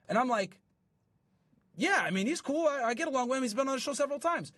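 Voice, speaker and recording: A man hosting a streaming show, talking casually to his live chat and retelling a story in an animated, profane, incredulous way. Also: extremely high pitch, a little fast, long pauses, no echo, studio quality.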